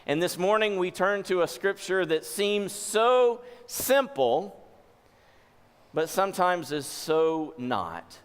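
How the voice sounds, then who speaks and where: A male pastor preaching to his congregation in a sanctuary, his voice sitting a little high for a man. He moves between soft, hushed delivery and sudden forceful lines when he voices scripture. A long reverb trails behind every word. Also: expressive, slow, clear, resonant tone. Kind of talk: sermon. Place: church sanctuary.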